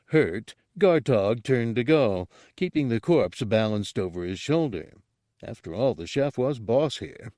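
A man narrating an audiobook in a steady, unhurried storytelling manner. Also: medium pitch, no echo, studio quality.

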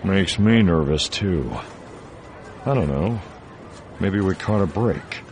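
A man's voice: low-pitched, lively intonation, slow, darkish tone, a little hiss or hum. A man reading an audiobook voices a wry, weary male space smuggler in a dry, sardonic way. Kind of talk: audiobook narration.

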